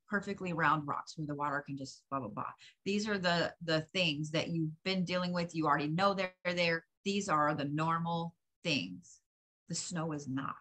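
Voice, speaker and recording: Woman, psychic reader, blunt and profane, low-pitched but bright tone. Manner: blunt, profane, emphatic advice. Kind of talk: channeled reading, direct address.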